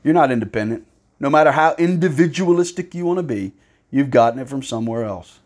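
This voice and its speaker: A man's voice: mid-range voice, animated, a little fast. A man preaching a sermon, firing rhetorical questions and slipping into sarcastic mock praise.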